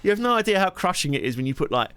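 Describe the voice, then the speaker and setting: A man's voice: high-pitched, big pitch swings, racing, fairly bright tone, smooth, no echo. A man chatting on his live stream, rambling and laughing often. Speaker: streamer and musician. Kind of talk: casual live-stream chat.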